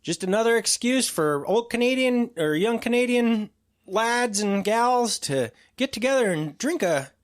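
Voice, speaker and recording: A man's voice: very high-pitched, expressive, measured pace. A man hosting a podcast in casual chat, loose and joking, with lots of fillers. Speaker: podcast host.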